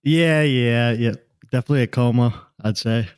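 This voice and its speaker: A young man chatting on a podcast in a halting, easygoing way, full of pauses and fillers. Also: mid-range voice, a little mellow, smooth, no room sound, clean studio sound. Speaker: podcast co-host. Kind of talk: casual podcast chat.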